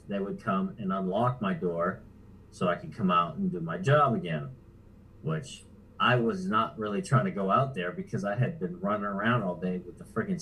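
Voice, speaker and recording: Guest, male, low voice, easygoing storyteller, salty language, chuckles along. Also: a bit bright, slight background noise, rough recording. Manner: laid-back, profane, chuckles while telling. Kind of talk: casual storytelling.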